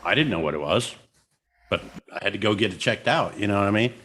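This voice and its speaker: A man co-hosting a casual livestream, telling a story in a halting way, with many restarts. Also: fairly low pitch, lively intonation, fairly bright tone, a little hiss or hum.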